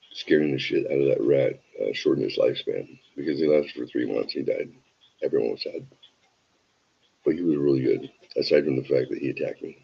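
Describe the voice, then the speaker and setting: A man's voice: very deep voice, vocal fry, husky, lo-fi sound. A tired man hosting a show, telling a rambling, wry, self-deprecating anecdote full of digressions. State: tired from an early start. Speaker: show host. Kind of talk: casual anecdote storytelling.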